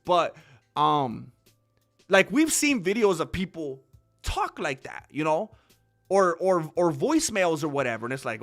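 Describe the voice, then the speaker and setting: A young man with a high, very lively voice, rambling through an offhand commentary with frequent restarts. His tone is bright and a bit sharp, and faint music sits beneath him. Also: unhurried. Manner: rambling, with many restarts and fillers. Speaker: commentary channel host. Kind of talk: casual opinion commentary.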